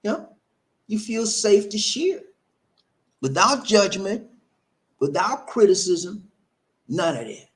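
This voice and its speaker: A man's voice: high-pitched, very animated, slow, pauses often. A man speaking, hosting a casual relationship advice talk, preachy and repetitive, full of rhetorical questions.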